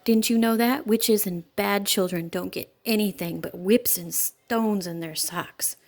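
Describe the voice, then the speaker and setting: A woman's voice: medium pitch, a little slow, creaky. A woman reading aloud, voicing a mean, taunting big neighbor boy in a jeering, sing-song way.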